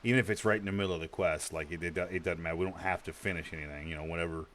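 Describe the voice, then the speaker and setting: Male streamer, very low voice, loose casual game talk, stammers, curses lightly. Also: fairly even intonation, rapid-fire, a bit bright, a little hiss or hum. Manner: rambling, stammers and repeats words, swears casually. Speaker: streamer playing an online game. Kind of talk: casual gaming chat.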